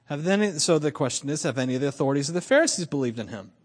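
A man preaching a sermon, animated, chuckling and repeating lines for emphasis. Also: fairly high pitch, very fast. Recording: long reverb of a large hall.

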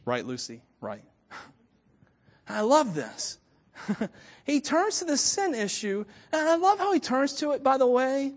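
A man preaching a storytelling sermon, animated, with frequent chuckles and stammered restarts. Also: extremely high pitch, slow, long pauses. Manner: chuckles often while talking.

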